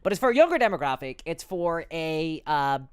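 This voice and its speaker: A woman's voice: deep voice, big pitch swings, fairly quick, clear, resonant tone, no room sound, clean studio sound. A woman chatting casually on a live stream, reading out and answering chat messages, rambling and stumbling over her words.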